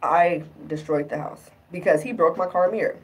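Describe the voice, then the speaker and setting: Young woman vlogger, casual and animated, acts out quotes, lowish voice, mic a bit distant. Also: normal speed, slight background noise. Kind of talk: casual storytelling vlog.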